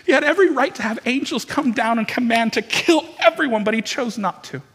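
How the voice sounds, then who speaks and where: A man's voice: very high-pitched, expressive, brisk, fairly bright tone, breathy edge. A man preaching a dramatic, impassioned sermon as pastor to his church. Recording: long reverb from a large hall.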